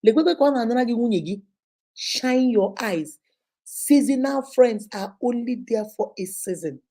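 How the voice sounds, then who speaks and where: A middle-aged Nigerian woman, a teacher and host, giving an animated, preachy motivational talk sprinkled with Igbo phrases. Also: a little high, normal speed.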